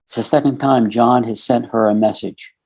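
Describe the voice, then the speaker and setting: Man in his sixties, gravelly voice, mellow dark tone, storytelling, quotes others. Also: mid-range voice, fairly even intonation, moderate pace. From United States. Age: 60s. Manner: retells conversations with many quoted lines. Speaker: guest. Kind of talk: storytelling interview.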